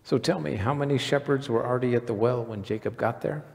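A male pastor with a creaky, mid-range voice and a darkish tone preaches fast in a conversational manner, quizzing the congregation with questions. The recording carries the reverb of the church hall where he speaks.

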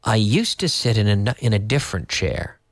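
Brief: male teacher, animated delivery, dry close sound. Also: on the low side, dry recording. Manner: lively, explains slowly with repetition and Spanish glosses. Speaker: English teacher. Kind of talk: casual online English lesson for Spanish speakers. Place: in Madrid.

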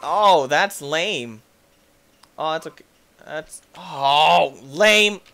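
A man giving goofy, excitable commentary over his gameplay, laughing and yelling at the game. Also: on the high side, very slow. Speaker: gaming YouTuber. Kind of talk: let's play commentary.

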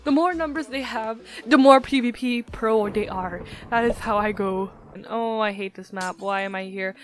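A woman's voice: a little high, moderate pace. Hyper, giggly young woman gaming. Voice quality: slightly altered pronunciation from a retainer. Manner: hyper, giggly, excitable, swings between loud shrieks and muttering. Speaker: gaming YouTuber. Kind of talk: casual gameplay commentary. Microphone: desktop mic, no face cam.

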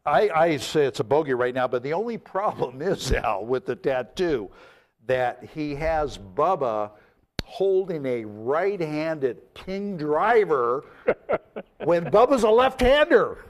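A man hosting a casual talk show, animated and jokey, often breaking into laughter. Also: a little high, a little slow. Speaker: host. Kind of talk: casual chat.

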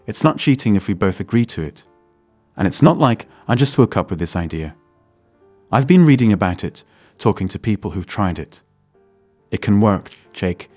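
A man's voice: on the low side, lively intonation, normal speed, a little mellow, no echo, soft background music. A man voicing a restless young wife who is earnestly and defensively arguing for an open marriage. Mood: pleading.

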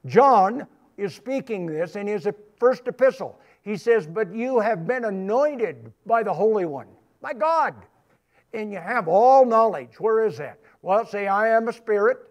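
Man preacher, high pitch, emphatic sermon delivery with repeated phrases. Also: lively intonation, measured pace, highs cut off. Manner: emphatic, repetitive preaching with rising bursts. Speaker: pastor. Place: church sanctuary.

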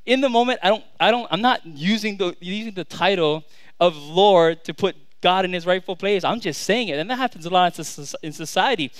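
A man in his thirties preaches a sermon in a high, smooth, resonant voice. He repeats and restarts words, then swings from loud declarations to quiet asides. The recording is dry and close. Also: dry recording. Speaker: pastor.

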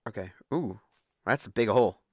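A man hosting a live stream, chatting excitedly and laughing as he plays a game. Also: on the low side, moderate pace, husky, dry recording, studio quality. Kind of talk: casual gameplay commentary.

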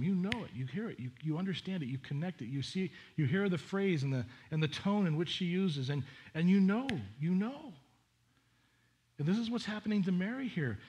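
A man's voice: high-pitched, a little mellow. A male pastor preaching a sermon in an earnest, conversational way, often restarting his sentences. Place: church sanctuary.

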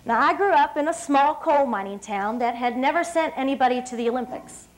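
A woman in her thirties from West Virginia, giving a lively motivational speech from a stage at an evening dinner and talking straight to the crowd. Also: high-pitched, fairly quick, low-quality recording. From West Virginia, USA. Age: 30s. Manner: lively storyteller, often laughing, addressing the crowd directly. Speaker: dinner speaker.

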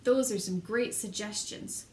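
A woman's voice: mid-range voice, a little slow, slight background noise. A woman leading a children's activity lesson as an early childhood educator, coaxing young kids in a sing-song voice and inviting them to join in.

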